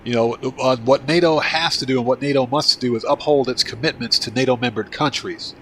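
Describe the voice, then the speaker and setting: With a medium-pitched, fairly bright voice and a slightly fast pace, a Baltimore man with a Northeastern American accent talks casually with viewers while hosting a gaming livestream. He answers their chat with frequent restarts, and there's slight background noise.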